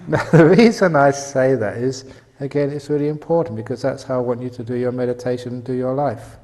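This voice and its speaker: A man's voice: mid-range voice, normal speed, darkish tone, in a large hall. An older man giving a humorous dharma talk at a meditation retreat, joking and laughing often at his own lines. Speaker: meditation teacher.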